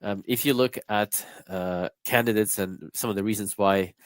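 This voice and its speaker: Bunged up guy on a video call, lowish voice, dry sound, lots of ums. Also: moderate pace, no room sound. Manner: relaxed, with many fillers. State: congested, a bit croaky. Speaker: co-founder and interview coach. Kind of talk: live stream chat.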